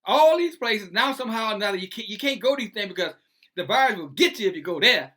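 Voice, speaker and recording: A preachy online commentator reads news aloud and breaks off to argue with it. The delivery is lively, and the pitch leaps up and down. The tone is bright and cutting, and the talk is packed with sarcastic rhetorical questions. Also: quick pace.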